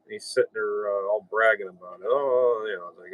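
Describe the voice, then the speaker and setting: A man's voice: lowish voice, fast, phone-quality sound. A man around fifty with a blunt, rambling way of talking, chatting casually on the radio from his home station. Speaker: radio operator and channel host.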